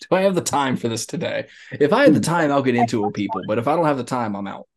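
A man's voice: mid-range voice, lively intonation, quick pace, a little mellow. A man co-hosting a sports podcast, joking loosely and swearing freely in casual chat. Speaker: podcast co-host.

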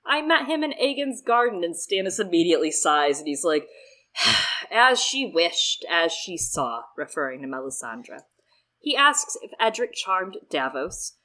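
Woman, low-mid voice, casual swearing podcast recapper who acts out the dialogue. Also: low-quality recording. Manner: lively, profane, acts out characters' lines.

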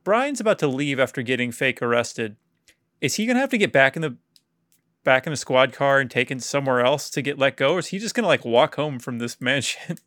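A man's voice: medium pitch, expressive, a little fast, a bit bright, dry recording. A man in his thirties with a mid-range voice co-hosts a casual podcast, telling anecdotes with wry, understated humor. His voice is recorded close and dry, with no room sound. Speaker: podcast co-host. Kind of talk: casual chat.

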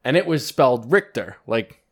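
A man's voice: mid-range voice, big pitch swings, moderate pace. A man co-hosting a casual podcast, swapping laughing, joking banter over cigars and whiskey. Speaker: podcast co-host. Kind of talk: casual chat.

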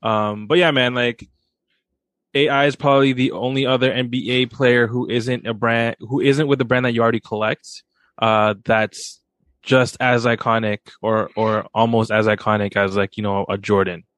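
A man's voice: mid-range voice, fairly even intonation, normal speed, fairly bright tone, no echo. A man co-hosting a casual podcast, easygoing with lots of ums and likes. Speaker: podcast co-host. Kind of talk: casual sneaker podcast chat.

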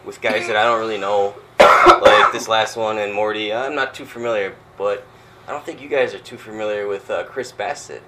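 A man's voice: fairly low pitch, fairly even intonation, normal speed, very noisy. A man chatting as a podcast guest in an easygoing way. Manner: easygoing, short laughing replies. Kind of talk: casual chat.

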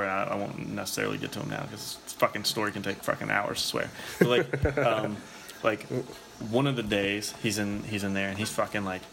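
Low-voiced man telling a rambling story. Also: vocal fry, a bit bright, a little hiss or hum. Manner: rambling, profane, heavy use of filler "like". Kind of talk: casual podcast storytelling.

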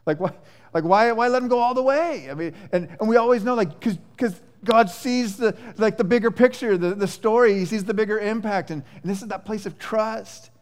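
A male pastor preaching a sermon in a conversational, animated way, with many restarts and fillers. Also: high-pitched, a little fast. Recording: echoey church hall.

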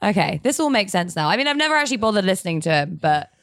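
A woman's voice: medium pitch, very animated, very fast, fairly bright tone, no room sound, clean studio sound. A woman co-hosting a podcast, sardonic and full of fillers. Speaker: podcast co-host. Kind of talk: casual chat.

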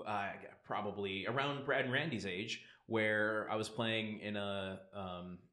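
A man's voice: on the low side, steady tone, unhurried, bright, forceful tone, roomy sound. A man co-hosting a podcast, chatting casually, rambling through a story and laughing often. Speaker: podcast co-host. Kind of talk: casual chat.

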